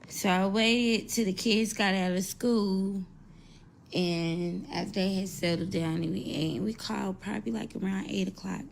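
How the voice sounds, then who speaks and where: A woman speaking slowly and haltingly as she shares news about her son, holding back tears. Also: mid-range voice, fairly even intonation, creaky, a little hiss or hum. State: tearful. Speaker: mother sharing news. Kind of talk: emotional personal account.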